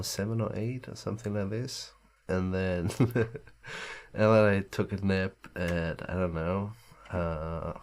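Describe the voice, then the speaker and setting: A man with a groggy just-woke-up voice, rambling casually while streaming a game. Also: sits low. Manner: rambling, loose, swears casually. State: groggy morning voice. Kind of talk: casual gaming stream chat.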